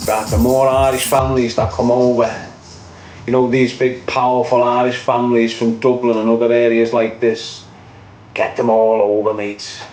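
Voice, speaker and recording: Scouse lad going off on a rant on his stream, opinionated, mid pitch voice. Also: flat delivery, normal speed, darkish tone, soft background music, rough recording. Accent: Liverpool. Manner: repetitive, opinionated, tags lines with "mate". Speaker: online show host. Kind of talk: casual livestream rant.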